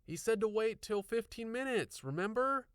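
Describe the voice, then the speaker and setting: A man voicing a young girl who pleads in a raised, girlish pitch for an audiobook. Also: animated, slow pace, fairly bright tone, clean tone, no room sound, clean studio sound, full character voice. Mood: pleading.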